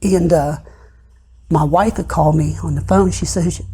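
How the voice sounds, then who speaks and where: A middle-aged man giving a personal testimony in an interview, retelling events haltingly with many pauses and often dropping soft and low. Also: fairly even intonation, slight background noise. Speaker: interview guest.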